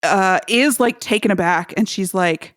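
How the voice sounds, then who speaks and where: A woman co-hosting a podcast, chatting casually about a film in an expressive way and swearing freely. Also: medium pitch, measured pace. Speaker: podcast co-host.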